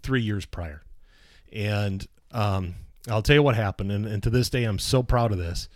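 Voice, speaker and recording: A man who works as a radio personality, telling stories in casual conversation in an animated way, swearing now and then and acting out the people he quotes. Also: fairly low pitch, moderate pace, no echo, studio quality.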